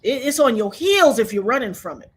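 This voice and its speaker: A woman in her fifties, an interview guest, shares her story as emotional testimony with fervent, preacher-like conviction. Her voice is a little high, husky and sing-song, and she speaks fairly quickly.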